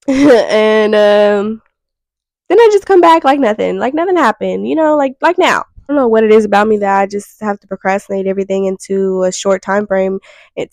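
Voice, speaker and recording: A young woman talks straight to the camera in a frank, rambling self-reflective monologue. Her voice has a gravelly edge, and it sounds dry and close with no room around it. She swears casually as she thinks out loud. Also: mid-range voice, no echo, poor audio. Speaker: vlogger.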